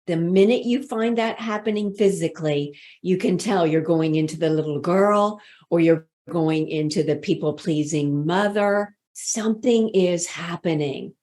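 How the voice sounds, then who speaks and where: A woman speaking coach leading a workshop, calmly guiding listeners through pauses and breathing. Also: lowish voice. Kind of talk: workshop talk. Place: online session, speaking to camera.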